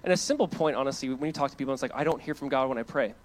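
A man's voice: mid-range voice, racing. A young adult man, a pastor, preaching a sermon. He reads scripture and retells it in casual words, and laughs between his points. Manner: animated, reads scripture aloud and paraphrases it casually.

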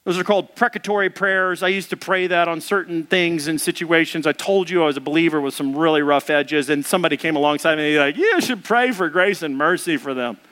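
A man's voice: fairly high pitch, flat delivery, fast, hardly any pauses, a bit bright. A man preaching a conversational sermon, often asking the congregation questions and reading along with them. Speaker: pastor.

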